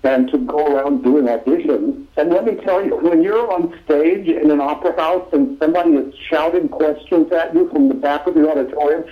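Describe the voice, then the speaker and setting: An older man from Oklahoma, a singer and actor, telling animated stories in an interview and laughing often. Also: a little high, brisk, hardly any pauses. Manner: animated anecdotes with frequent laughter. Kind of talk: storytelling interview talk. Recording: lo-fi radio sound.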